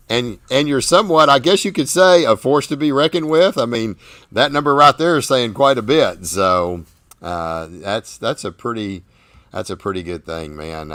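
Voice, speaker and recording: A man's voice: fairly low pitch, fairly bright tone, dry recording. A Southern American man hosting a casual interview, talking in a folksy, rambling way and often repeating his words. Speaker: host.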